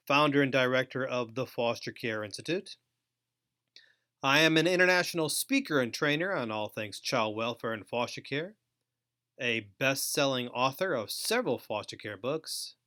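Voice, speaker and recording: A middle-aged man hosting a training webinar, speaking in a deliberate, emphatic way with frequent pauses. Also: mid-range voice, sharp tone. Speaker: host and trainer.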